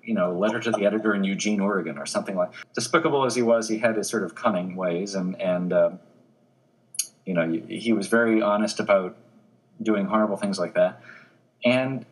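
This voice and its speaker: A man who is a newspaper obituary editor, a guest in an interview, telling anecdotes in an animated way with frequent restarts. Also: on the low side, brisk, poor audio.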